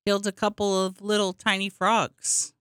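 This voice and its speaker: A woman with a bright, forward voice talks in relaxed podcast chat, easygoing and quick to laugh, with casual swearing. Her sound is dry and close to the mic. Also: medium pitch, smooth, no echo. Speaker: podcast co-host.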